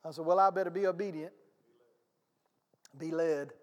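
High-voiced pastor preaching. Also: male voice, moderate pace. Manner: animated, conversational, folksy with asides to the congregation. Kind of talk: storytelling sermon. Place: church sanctuary. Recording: long hall reverb.

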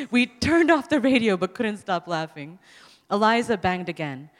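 Woman author, live story reading, animated pitch, long hall reverb. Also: normal speed. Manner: expressive, amused, laughs between lines. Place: public event hall.

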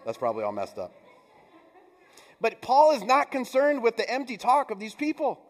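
A man's voice: very high voice, huge pitch swings, moderate pace. A middle-aged man giving a sermon as pastor, conversational, with playful asides and mock voices. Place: church sanctuary. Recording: long church reverb.

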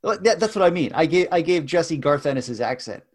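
Male podcast host, casual chat; halting delivery with repeated words and self-corrections. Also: on the high side, animated.

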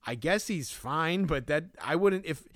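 A man's voice: fairly high pitch, unhurried, no room sound, clean studio sound. A man co-hosting a casual podcast, recapping a movie scene by scene, laughing often and acting out the characters' lines. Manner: animated, laughs often, acts out quotes. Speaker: podcast co-host.

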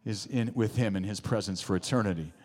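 A man's voice: fairly low pitch, a little fast, darkish tone. A man preaching a sermon in a church, emphatic, with rising exclamations and call-and-response asides to the congregation. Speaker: pastor. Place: church sanctuary. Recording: long hall reverb.

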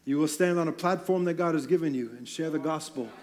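Male preacher, high voice, earnest and emphatic sermon delivery with wry asides. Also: fast, a crowd in the background. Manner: earnest, emphatic, with light self-deprecating humor. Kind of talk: sermon to church leaders.

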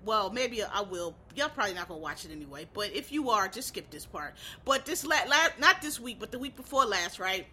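Woman, casual rambling chat, profane, exasperated, bright tense voice. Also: medium pitch, sing-song, fairly quick, hardly any pauses, a little hiss or hum.

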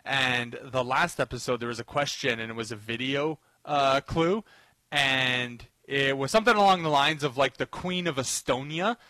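A Canadian man co-hosting a sports radio show from his dining room, chatting quickly and eagerly. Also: medium pitch, bright, forceful tone, no room sound. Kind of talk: casual radio banter.

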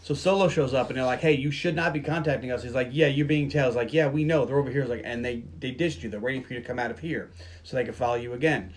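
Podcast host, male, mid pitch, chatty plot recap, slips into character voices for quoted lines. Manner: storytelling, acting out scenes in quick quoted voices. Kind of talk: casual movie recap chat.

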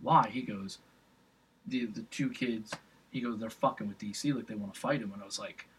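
A man's voice: lowish voice, normal speed, fairly bright tone, a little hiss or hum, poor audio. A young man telling a rambling, profane story in casual chat, full of fillers and restarts.

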